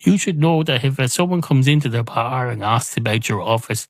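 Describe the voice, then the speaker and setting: A man's voice: medium pitch, animated, a little fast, no room sound, pitched above the performer's own voice, close to an everyday voice. An Irish man voicing a fussy, demanding male cat ordering a pint, in a pedantic, complaining comic storytelling manner.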